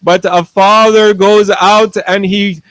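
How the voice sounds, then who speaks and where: A man's voice: high voice, little pitch movement, slow, fairly bright tone, clear, resonant tone, dry recording, rough recording. A male preacher retelling a sacred story in a sermon, solemn and vivid.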